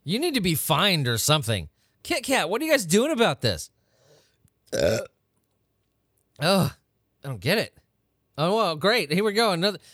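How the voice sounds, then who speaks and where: A man's voice: high-pitched, wildly swooping pitch, fairly quick, a bit bright, dry recording, clean studio sound. A man hosting a weird-news podcast, ranting casually with lots of profanity and incredulous outbursts. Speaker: podcast host. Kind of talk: casual comedic rant.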